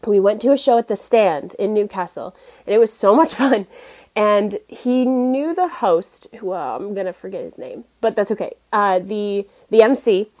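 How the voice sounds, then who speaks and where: A woman's voice: mid-range voice, moderate pace, a little mellow. A young woman from the United States telling casual, self-deprecating stories on a podcast, with many fillers and laughs. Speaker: guest podcast host. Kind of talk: casual storytelling monologue.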